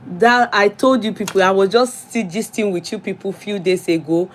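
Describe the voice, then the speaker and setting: A woman's voice: mid-range voice, moderate pace, a little hiss or hum. A middle-aged woman with a Nigerian accent, hosting a casual live chat, greeting commenters by name and slipping into pidgin. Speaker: livestream host.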